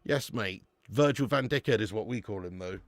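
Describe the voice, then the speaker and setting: A man's voice: fairly low pitch, normal speed. A young man hosting a live football watch-along, chatting casually with viewers, laughing often and swearing freely. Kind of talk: live casual chat reading viewer comments.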